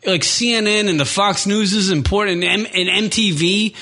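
A man in his thirties co-hosting a casual talk show, ranting and swearing freely between loud laughs. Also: high-pitched, moderate pace. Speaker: podcast co-host. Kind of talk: casual profane banter.

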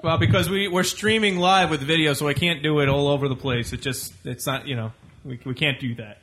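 A man's voice: on the high side, fairly quick, noisy background. A man co-hosting a talk radio show, easygoing and steering the talk.

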